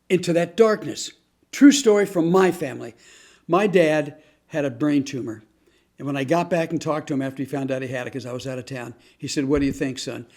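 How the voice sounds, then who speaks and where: A man speaks in a slightly high voice, with earnest, deliberate phrasing. He tells a true family story in a storytelling talk. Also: darkish tone. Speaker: host.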